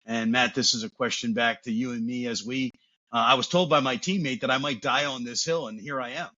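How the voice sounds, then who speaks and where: Man host, bright voice, dull lo-fi sound, rambling questions. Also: medium pitch, a little fast. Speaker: podcast co-host. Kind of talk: casual podcast hosting.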